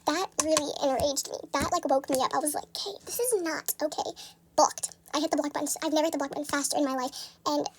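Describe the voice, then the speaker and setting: A young woman telling a casual storytime in a soft, subdued way, full of "like". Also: sits high, fairly even intonation, slight background noise. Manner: rambling, fills every pause with "like".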